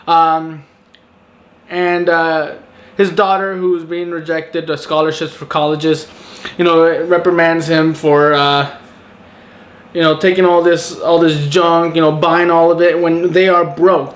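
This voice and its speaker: A man casually recapping a movie in a rambling, sarcastic way, full of fillers and exasperated asides. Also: a little high. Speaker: movie reviewer. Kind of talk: casual spoken review.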